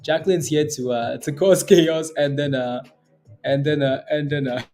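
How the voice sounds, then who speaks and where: Soft music sits under this man's voice as he hosts a live day trading stream, reading viewer comments and joking and laughing often in casual chat. His pitch leans high, his intonation is fairly even, his pace is moderate, and his tone is darkish.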